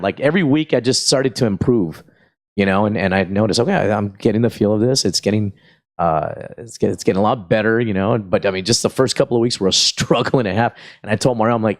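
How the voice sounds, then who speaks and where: A middle-aged man from South Texas, a comedian guest chatting casually and telling animated stories, full of fillers and acted-out voices. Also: on the low side, fast. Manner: animated storyteller, acts out voices, frequent fillers. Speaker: stand-up comedian, podcast guest. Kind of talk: casual storytelling chat.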